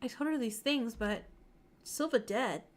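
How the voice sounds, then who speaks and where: A woman's voice: a little high, unhurried. A woman streamer reading a visual novel's narration aloud on a live stream, with small slips and self-corrections.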